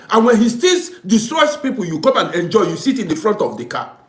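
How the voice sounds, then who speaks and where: A man's voice: high-pitched, sing-song, brisk, a bit bright, roomy sound. A man giving a preachy, scolding moral monologue to camera as a social commentator.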